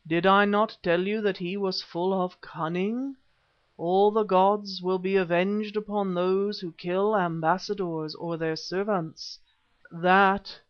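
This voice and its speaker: A man voicing a rumbling ancient wizard-priest. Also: fairly even intonation. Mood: commanding. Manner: slow rumbling threatening speech. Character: ancient half-human male wizard-priest, menacing. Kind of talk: audiobook character reading. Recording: dull lo-fi recording.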